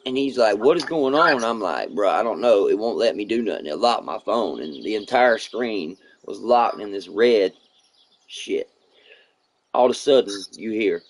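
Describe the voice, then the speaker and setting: Guy on a stream, kinda low voice, cussing a lot, tells a long rambling story and does everyone's lines. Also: unhurried. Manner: profane, rambling, animated retelling with quoted dialogue. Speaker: live streamer. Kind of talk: casual storytelling on a live stream.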